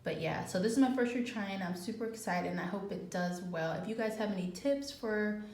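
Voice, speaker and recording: A woman's voice: mid-range voice, brisk, a little mellow. A woman hosting a gardening channel, chatting casually in her home kitchen and thinking aloud as she works. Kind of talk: casual how-to chat. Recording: echoey room with faint background noise.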